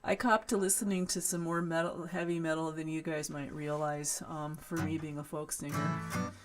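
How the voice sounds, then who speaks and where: A woman with a West Coast American accent, a folk singer hosting her live stream and chatting excitedly with viewers between songs. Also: deep voice, normal speed, faint music behind. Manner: chatty, excitable, greets viewers warmly by name. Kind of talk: casual chat between songs.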